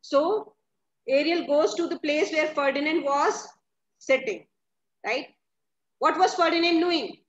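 A woman's voice: high-pitched, a little slow, pauses often. A woman teaching a literature lesson, paraphrasing each line of a play and often checking in with her listeners. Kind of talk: classroom lesson explaining a play. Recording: echoey, slightly dull, faint background noise.

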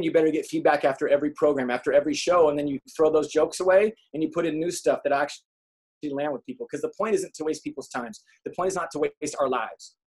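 A man giving a motivational talk to an audience, telling comic stories and acting out quotes in an animated way. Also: on the high side. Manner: animated storyteller, acts out quotes. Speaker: speaker.

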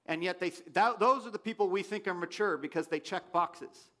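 A pastor preaching a sermon in a church, his voice swinging from loud questions to quiet asides. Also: high voice, brisk. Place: church sanctuary.

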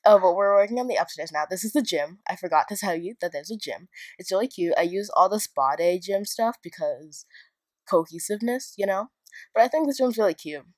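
A woman's voice: mid-range voice, expressive, a little fast, darkish tone, no echo. Young woman, casual build tour, rambling, chatty, self-mocking, dry close sound. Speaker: video game builder and YouTuber.

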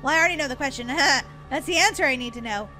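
A woman's voice: sits high, fast, pushed and bright, faint music behind. A woman role-playing in a game, talking dramatically, squealing and gasping, swinging from panic to jokes. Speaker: gamer playing as a character in a roleplay. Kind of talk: excitable game role-play chat.

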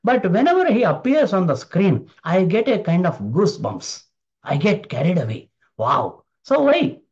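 Emphatic motivational speaker. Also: male voice, high-pitched, huge pitch swings, moderate pace, a little mellow. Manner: emphatic, repeats key phrases. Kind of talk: motivational talk. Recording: dull lo-fi recording.

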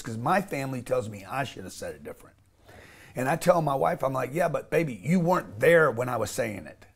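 A man speaking as an interview guest, blunt and emphatic, often restarting and swearing casually. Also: fairly high pitch.

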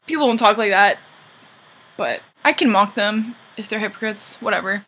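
A woman's voice: fairly high pitch, fairly even intonation, normal speed, pushed and bright, a little hiss or hum, low-quality recording. A Canadian woman vlogging to camera as a singer-songwriter, rambling through opinionated, joking asides in casual chat.

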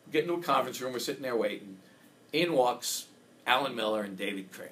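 A man recounts a story with eager energy in a relaxed interview. His voice sits in a middle pitch, and he acts out what people said. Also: quick pace. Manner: enthusiastic storyteller, acts out quotes. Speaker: game designer, interview guest.

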